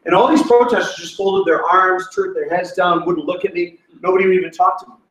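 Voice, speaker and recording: A man's voice: high-pitched, steady tone, brisk, fairly bright tone. A man giving a sermon as guest speaker, telling stories with self-deprecating humor and laughing at himself. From Canada. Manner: self-deprecating, laughs at his own story. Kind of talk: sermon storytelling. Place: church auditorium. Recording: echoey hall, distant mic.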